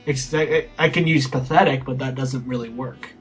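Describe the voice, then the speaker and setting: A man's voice: medium pitch, fairly even intonation, normal speed, soft background music. A young man giving mocking, incredulous commentary, stammering and restarting his sentences. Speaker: co-host of a ranting video.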